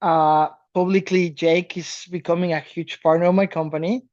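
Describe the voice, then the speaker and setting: A man from South America co-hosting a podcast in casual chat, animated and laughing, swearing casually. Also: fairly high pitch, normal speed, muffled recording. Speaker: podcast co-host.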